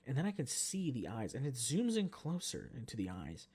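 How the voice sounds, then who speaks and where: Casting: man in his twenties, solo podcast host, lively swearing storyteller with a voice that rises and falls widely. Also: medium pitch, brisk, few pauses, slightly rough. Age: 20s. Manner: animated, profane, jumps between mumbling and shouting. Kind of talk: casual storytelling rant.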